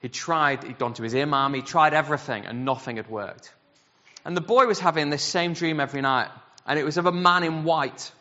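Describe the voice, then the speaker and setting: A man preaching a sermon, telling a story in an animated way and acting out the voices he quotes. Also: on the high side, a little fast. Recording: dull sound with long hall reverb.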